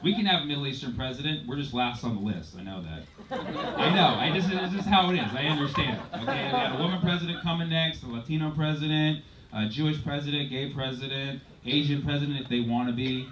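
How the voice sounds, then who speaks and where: Man, stand-up comic, wry punchlines, echoey room, loud laughing crowd. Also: a little high, quick pace. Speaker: stand-up comedian. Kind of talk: stand-up set. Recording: echoey club heard from far off. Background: loud crowd laughter and noise.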